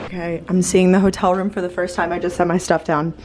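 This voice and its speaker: A woman's voice: on the low side, level tone, fast talker. Young woman vlogging on her phone, chatty and bubbly, lots of likes, faint room noise. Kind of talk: casual chat to camera. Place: apartment and hotel room, indoors.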